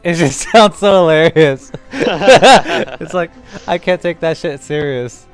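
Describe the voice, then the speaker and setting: A young man gaming with a friend, talking crude and profane, often laughing and shouting. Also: on the high side, lively intonation, slow. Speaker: gamer. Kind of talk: casual gameplay chat.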